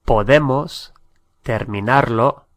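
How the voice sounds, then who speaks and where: A man teaching a language lesson, saying each phrase slowly and repeating it, sometimes spelling words out letter by letter. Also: medium pitch, dry recording.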